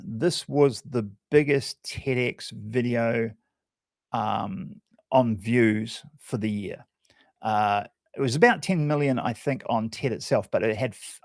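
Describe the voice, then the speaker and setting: A man's voice: medium pitch, a little mellow, dry recording, studio quality. A man working as a public speaking coach, explaining his analysis of a talk on a community call in a conversational way, often hesitating and restarting phrases.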